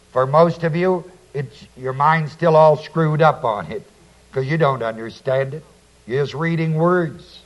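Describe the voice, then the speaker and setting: In a muffled recording, a fairly high-pitched preacher works slowly through a Bible passage one verse at a time. He quotes each verse before explaining it and has his listeners supply key words.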